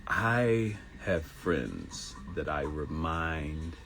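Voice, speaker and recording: Male talk host, middle-aged, deep and gravelly, emotional rambling monologue. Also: big pitch swings, drawn-out words, a bit bright, soft background music. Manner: earnest, emotional, rambling with restarts. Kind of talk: casual solo talk show monologue.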